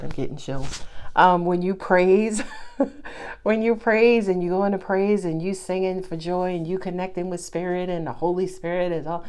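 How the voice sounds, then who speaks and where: A woman's voice: lowish voice, a little mellow. A woman giving a casual tarot reading to her viewers, talking bluntly and chattily and laughing often. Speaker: tarot reader.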